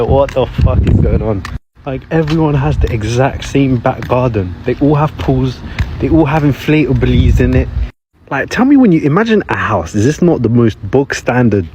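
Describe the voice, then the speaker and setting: Chatty young Londoner outside. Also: male voice, mid-range voice, a little mellow, slight background noise. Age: young adult. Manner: chatty, full of "like". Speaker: travel vlogger. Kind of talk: casual walking vlog. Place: quiet suburban street outdoors.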